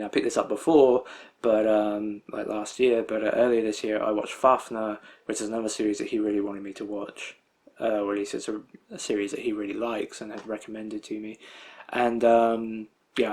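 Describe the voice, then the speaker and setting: A man's voice: on the low side, a little mellow. A young man talking casually through his collection haul, rambling with lots of fillers and frequent chuckles. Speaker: anime collector showing a disc haul.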